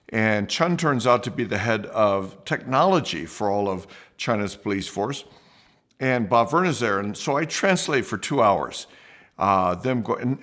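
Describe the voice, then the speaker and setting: Man telling a lively personal story. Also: fairly low pitch. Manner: lively, with restarts and acted-out quotes. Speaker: podcast host and storyteller.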